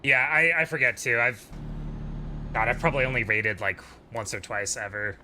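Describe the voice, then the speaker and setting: A man's voice: medium pitch, moderate pace, bright, forceful tone, slight background noise. A man chatting with his viewers on a livestream while driving in a game, rambling on easygoing and sleep-deprived.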